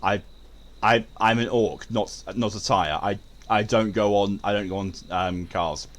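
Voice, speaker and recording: A man's voice: fairly low pitch, a little slow. A young man streaming a game, joking crudely and reading out chat. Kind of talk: casual live-stream chat.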